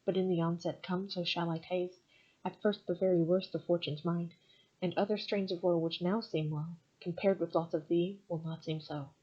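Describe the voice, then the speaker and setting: A woman's voice: fairly low pitch, steady tone, normal speed, slightly rough. A young woman reading old sonnets aloud and then commenting on them in a wry, self-mocking, casual way. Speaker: vlogger. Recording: dull lo-fi home recording.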